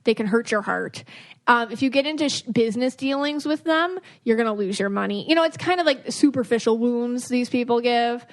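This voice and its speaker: A woman's voice: a little high, lively intonation, fairly quick. A woman hosting a podcast and reading auras, chatting casually, laughing often and acting out quoted voices. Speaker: podcast host, aura reader.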